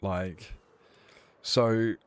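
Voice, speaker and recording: Aussie bloke rambling to his stream chat, kinda low voice, dry close sound. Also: fairly even intonation, drawn-out words, clean tone, no room sound. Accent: Australian. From Australia. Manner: rambling, chatty, many fillers and restarts. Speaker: game streamer. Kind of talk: casual stream chat reading chat.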